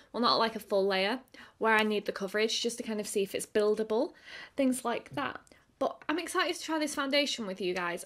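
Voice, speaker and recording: This beauty vlogger, a woman with a voice on the high side, reviews makeup in a chatty way, leaning heavily on fillers like "like." While applying makeup she turns quieter and sounds tired.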